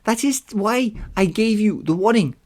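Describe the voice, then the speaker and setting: The podcast host voicing a calm female sea spirit who gives counsel, reading her lines aloud in a slow, lofty way. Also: mid-range voice, pitched above the performer's own voice, natural voice. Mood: solemn.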